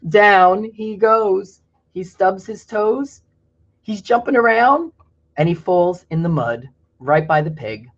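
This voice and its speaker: A reader reading a picture book aloud, often pausing to chat about the pictures. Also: medium pitch, animated, highs cut off. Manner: pauses to explain pictures in a chatty aside. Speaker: storybook reader.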